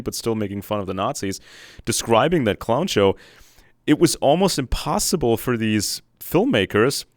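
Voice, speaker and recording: A man's voice: mid-range voice, no room sound, studio quality. A man talking earnestly in a video call conversation, often searching for his words mid-sentence.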